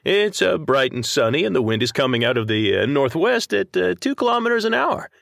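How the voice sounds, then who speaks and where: A man's voice: a little high, very animated, fairly quick, gravelly, fairly bright tone, no echo, studio quality, pitched above the performer's own voice, heavily acted. A man voicing an airline pilot making a cabin announcement, hesitant and full of fillers. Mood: folksy.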